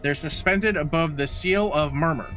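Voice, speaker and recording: A man co-hosting a casual podcast, recapping a horror movie in a profane, animated way. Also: on the high side, normal speed, music in the background. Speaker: podcast co-host.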